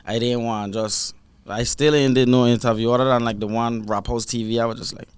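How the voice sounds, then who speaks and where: Young man, Virgin Islands accent, relaxed storyteller, dry close mic. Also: mid-range voice, fairly quick, clean tone, dry recording. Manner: animated storytelling, slangy, acts out quotes. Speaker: guest artist. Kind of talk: casual interview chat.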